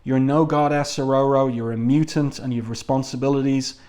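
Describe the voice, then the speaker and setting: A calm, persuasive older mentor, read aloud by a man. His speech is measured and formal, and his pitch sits in the middle. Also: lightly acted.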